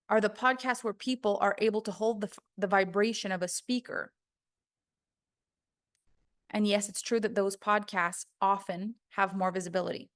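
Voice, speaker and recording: A woman voice coach teaching an online course, speaking earnestly and emphatically and acting out what her students say to themselves. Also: mid-range voice.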